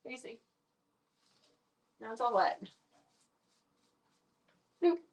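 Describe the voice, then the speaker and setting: Woman streamer, casual and chatty, coos at pets, mid-pitched. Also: unhurried, a bit bright. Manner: chatty, coos and baby-talks to animals. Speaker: streamer working with animals. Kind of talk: casual live-stream chat.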